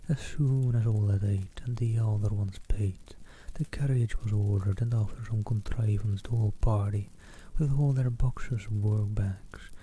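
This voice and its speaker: A man reading a classic novel aloud in a soft, hushed voice, often dropping to a whisper. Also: fairly low pitch, steady tone, measured pace, few pauses, slight background noise, poor audio. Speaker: narrator. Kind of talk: audiobook reading, partly whispered.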